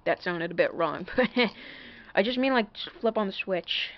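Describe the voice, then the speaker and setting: A woman's voice: fairly low pitch, expressive, normal speed, highs cut off, heavy background noise. A woman rambling through a casual show-and-tell vlog about a toy, full of fillers and apologies. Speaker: toy collector showing a doll.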